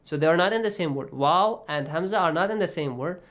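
Speaking fairly quickly in a slightly high, expressive voice with a fairly bright tone, a man runs an online tajweed lesson. He patiently quizzes his students by name on recitation rules and breaks into Arabic recitation.

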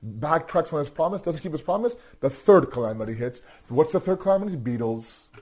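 Guy teaching a story to a class, mellow husky voice, lots of what? questions. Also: on the high side, fairly quick. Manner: animated, rhetorical questions, repeats words. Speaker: religious teacher. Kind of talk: storytelling lecture.

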